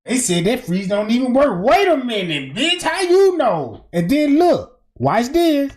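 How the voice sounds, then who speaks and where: A man giving animated, slangy commentary on a clip during a livestream, exclaiming and cutting in. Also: very high-pitched, moderate pace. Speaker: stream host reacting to a clip.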